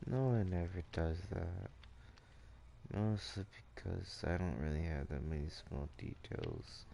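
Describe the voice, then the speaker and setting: A sleepy young man streaming a game, chatting to his viewers in a drowsy, drawling monotone with lots of "like" and "dude". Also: low-pitched, unhurried, vocal fry. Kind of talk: casual live-stream chat while gaming.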